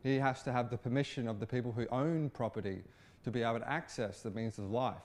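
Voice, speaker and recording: A man giving satirical political commentary in an informal, halting way, with frequent restarts. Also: medium pitch, fairly even intonation. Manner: informal, repetitive restarts, occasional swearing.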